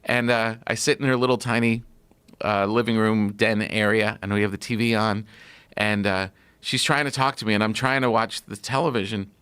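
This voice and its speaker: A man on a podcast tells a personal story at length, looping through fillers and restarts. His voice sits on the low side and is recorded close and dry in a studio. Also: steady tone, moderate pace, fairly bright tone, clear, resonant tone, dry recording. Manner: rambling, filler-heavy anecdote telling. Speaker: podcast guest. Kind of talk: casual storytelling.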